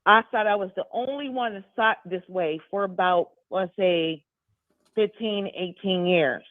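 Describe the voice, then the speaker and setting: A woman's voice: mid-range voice, a little slow, dry recording. A woman in her fifties calling in to a talk show, speaking earnestly and repeating her points for emphasis. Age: 50s. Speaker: caller. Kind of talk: call-in talk. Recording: tinny phone line.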